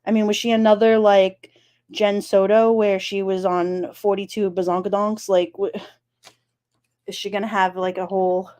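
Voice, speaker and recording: A woman chatting casually on a live stream, animated and incredulous, often exclaiming. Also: medium pitch, normal speed. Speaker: streamer talking true crime.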